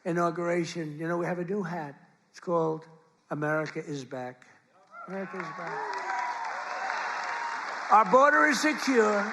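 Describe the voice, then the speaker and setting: An older man giving a rambling, repetitive campaign rally speech from a podium microphone in a large event hall, with the audience heard around him. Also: high-pitched. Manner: rambling, repetitive, boastful asides. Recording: live rally with crowd noise. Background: crowd and ambient noise.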